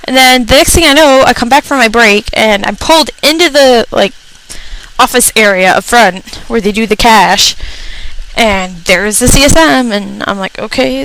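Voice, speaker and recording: A woman's voice: fairly high pitch, moderate pace, a bit bright, low-quality recording. A young woman radio personality telling a comedic, profane rant about retail customers, acting out the people in her stories. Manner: exasperated, profane, acts out customers.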